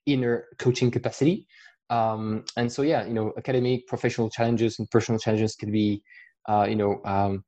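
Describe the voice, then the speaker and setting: A man from the south of France speaks with a French accent in a relaxed, mellow voice. He is a guest in a casual interview, pausing often and repeating words as he thinks. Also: on the low side. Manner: thoughtful, halting, with many fillers and repeated words. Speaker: guest, coach and startup founder.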